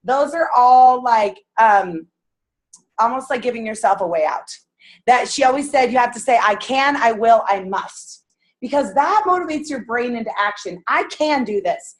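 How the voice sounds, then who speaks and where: A woman in her thirties leads a motivational sales meeting with a fairly high voice. She talks in a lively, animated way and laughs often. She acts out the words people say to themselves. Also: moderate pace. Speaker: sales team leader.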